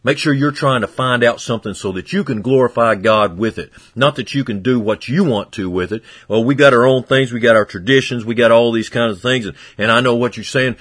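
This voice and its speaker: A man preaching a sermon in a folksy, conversational way, swinging between loud and hushed. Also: medium pitch, fairly quick, breathy edge, no room sound, clean studio sound.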